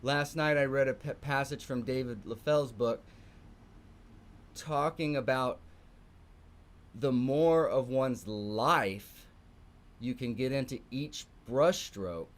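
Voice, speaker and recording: A man's voice: medium pitch, takes it slowly, pauses often. A middle-aged man with a Texan accent, teaching a live online morning art class, emphatic and repeating phrases for stress. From Texas.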